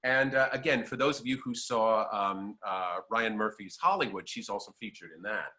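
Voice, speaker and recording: A man as a guest, telling theatrical anecdotes in an animated storytelling manner. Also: on the low side, moderate pace.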